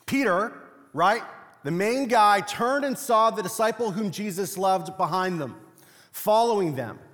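A man's voice: high voice, animated, measured pace, a bit bright, in a large hall. A young man preaching a sermon as pastor, talking in a loose, funny storytelling way. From Latino family. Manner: conversational, humorous storytelling preacher.

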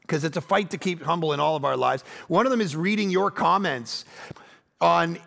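A man preaching a sermon as pastor, telling lively personal stories and swinging from loud, punchy lines to low, quiet ones. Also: normal speed, gravelly.

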